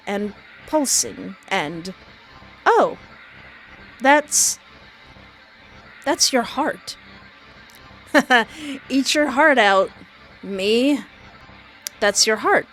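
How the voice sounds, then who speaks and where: A woman's voice: mid-range voice, dry recording. A woman streaming a horror game, reading its text dramatically and bantering with the narrator. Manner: animated, banters with the game's narrator; dramatic, slowed delivery when reading narration. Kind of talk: let's play commentary, reading game text aloud.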